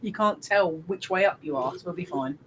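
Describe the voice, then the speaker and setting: A man's voice: sits high, a little fast, a bit bright, a little hiss or hum. A man in a casual group commentary, enthusiastic and teasing toward his friends. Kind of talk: casual chat over ride footage.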